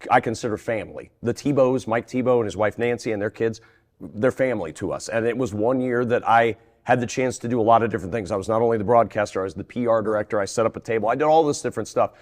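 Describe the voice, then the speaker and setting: A middle-aged man, a guest sportscaster, telling anecdotes in an interview with animated laughs and frequent restarts. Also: fairly low pitch, fast. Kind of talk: interview storytelling.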